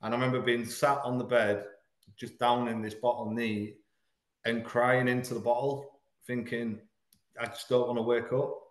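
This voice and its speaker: There's little pitch movement in this man's middle-pitched voice as he candidly tells a hard personal story on a podcast. He comes from Hull, England, and speaks earnestly, pausing and stumbling through the heaviest parts without stopping. A roomy echo surrounds him.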